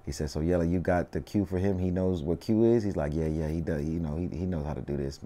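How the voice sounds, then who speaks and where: A man in his thirties with a Southern Californian accent, telling stories in a relaxed, slangy way during a casual interview, full of "you know what I mean". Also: deep voice, fast talker. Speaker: interview guest, rapper.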